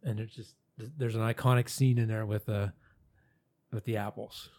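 A man's voice: lowish voice, level tone, normal speed, darkish tone. A man co-hosting a podcast, chatting casually in a blunt, profane way. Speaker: podcast co-host. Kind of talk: casual chat.

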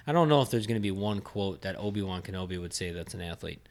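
Low-voiced man in casual chat. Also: quick pace. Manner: relaxed, laughs often, restarts sentences. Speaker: podcast co-host.

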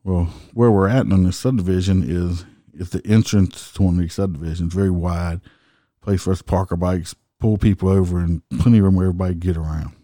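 A man's voice: low voice, steady tone, brisk, warm tone, dry recording, clean studio sound. A middle-aged man, a motorcycle cop telling stories bluntly and profanely in a folksy, casual way. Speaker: motorcycle police officer, podcast host. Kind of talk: casual storytelling.

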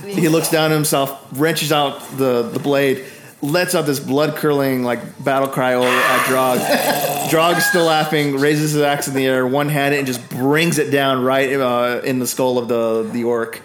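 A man's voice: medium pitch, steady tone, normal speed, noisy background. Man narrating as dungeon master. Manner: loose narration with fillers, laughs often. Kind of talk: narrating a tabletop game.

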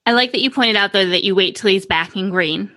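A woman's voice: medium pitch, fairly quick, pushed and bright. A woman co-hosting a podcast conversation, attentively reflecting on what her guest said.

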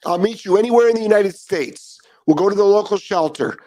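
A middle-aged man hosting a live dog training show, ranting with profanity and repetition, then chatting more calmly with viewers. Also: high-pitched, a little fast. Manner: calmer chatty greeting of commenters. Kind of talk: ranting live stream monologue.

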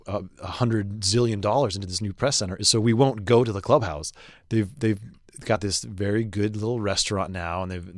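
A middle-aged man, a golf reporter co-hosting a podcast, chatting casually and telling lively anecdotes with quick asides. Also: fairly low pitch, no room sound, clean studio sound.

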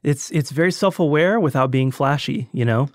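A man's voice: fairly high pitch, moderate pace, no room sound, clean studio sound. A man co-hosting a casual film podcast, agreeing often and talking in loose phrases full of fillers.

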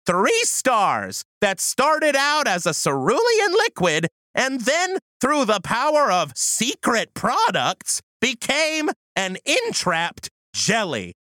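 A woman co-hosting a comedy podcast, deadpan in her sketch banter, then breaking out into loud excited shouting. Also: fairly high pitch, slow, few pauses, dry recording, studio quality.

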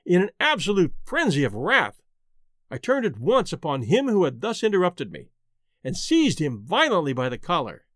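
Expressive high-voiced male storyteller. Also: moderate pace, dry recording, clean studio sound. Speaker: narrator. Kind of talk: dramatic reading of a gothic tale.

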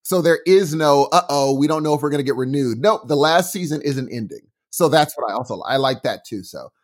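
A man's voice: a little high, brisk. A man co-hosting a podcast in casual chat, enthusiastic and acting out little quotes as he talks. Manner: animated, enthusiastic, acts out quotes. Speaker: podcast co-host.

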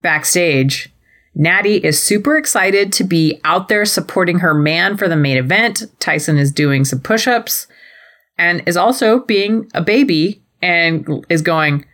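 A young adult woman co-hosting a casual recap podcast, animated and slipping into playful voices for quotes. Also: fairly low pitch, unhurried. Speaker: podcast co-host.

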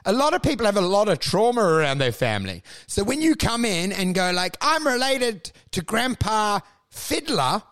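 A man's voice: high-pitched, wildly swooping pitch, a little fast, hardly any pauses. A man co-hosting a comedy podcast, riffing profanely and rambling while acting out bits in quoted voices.

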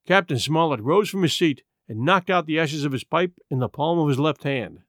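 A man narrating a classic adventure story in a theatrical, expressive reading style. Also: fairly high pitch, moderate pace, hardly any pauses, no echo, clean studio sound. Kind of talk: scripted audiobook narration.

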